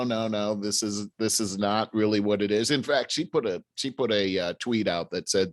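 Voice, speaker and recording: A man's voice: on the low side, dry recording. A man hosting a podcast, recounting news in a casual, hesitant way with many fillers. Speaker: podcast host.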